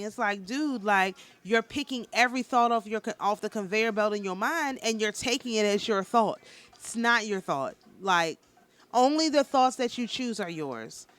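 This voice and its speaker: A woman giving a casual spiritual talk as a teacher, speaking in a calm, nonchalant, matter-of-fact way with a passionate undertone and frequent restarts. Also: mid-range voice, normal speed, clear, resonant tone. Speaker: spiritual teacher and tarot reader.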